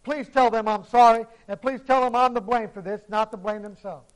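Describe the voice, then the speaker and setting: A man preacher voicing a dying fifteen-year-old girl who quietly pleads from a hospital bed. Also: high voice, steady tone, a little fast, natural voice, low-quality recording. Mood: pleading.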